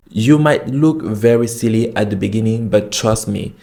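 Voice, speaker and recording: A man who learned Chinese as a foreign language, teaching its tones in a slow, demonstrative video lesson. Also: on the low side, vocal fry, mellow. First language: not Chinese; learned Chinese as a foreign language. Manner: slow, demonstrative, drawing out tone examples.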